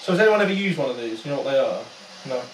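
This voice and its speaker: A male paranormal investigator tells a chatty story to a small audience at a talk venue, full of fillers and restarts. His medium-pitched voice is sing-song and racing. The recording is very noisy, with roomy sound captured from far off.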